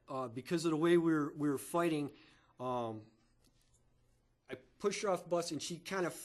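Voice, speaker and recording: A man with a notably high voice gives emotional testimony in a courtroom. His account comes out haltingly, with stammers and repeated words. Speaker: witness giving testimony.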